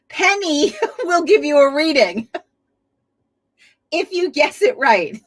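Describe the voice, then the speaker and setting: A woman's voice: high-pitched, big pitch swings, slow pace. A woman hosting a casual live stream from home, chatty, laughing often and swearing freely. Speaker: livestream host. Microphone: webcam setup at a desk.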